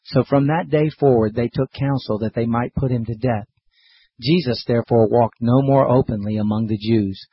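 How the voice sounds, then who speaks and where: A man giving a measured, scripted reading of scripture aloud. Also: medium pitch, slightly rough, no room sound, highs cut off. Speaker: scripture reader.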